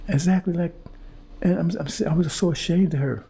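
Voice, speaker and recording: Slightly high and fairly quick, this man's voice is dark-toned and a little rough. Preaching to his audience, he's fiery and confrontational, with repetitive phrasing, and he stumbles and restarts while hunting for words.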